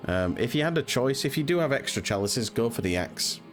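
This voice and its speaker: A man's voice: medium pitch, animated, brisk. A young man giving casual, rambling gameplay commentary, with frequent ums and uhs. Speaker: speedrunner streamer. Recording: voice over game music.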